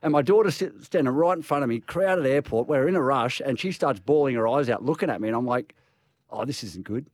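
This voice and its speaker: A man's voice: medium pitch, brisk, no echo, clean studio sound. A middle-aged Australian man chatting on radio, telling stories with lots of stumbles and restarts. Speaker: radio co-host. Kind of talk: casual radio banter.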